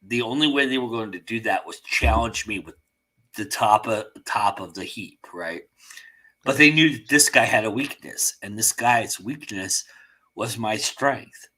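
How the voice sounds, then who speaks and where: A man's voice: lowish voice, unhurried, sharp tone, rough recording. A male host chatting on a live stream, reflecting and working through his point aloud. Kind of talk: casual chat on a live stream.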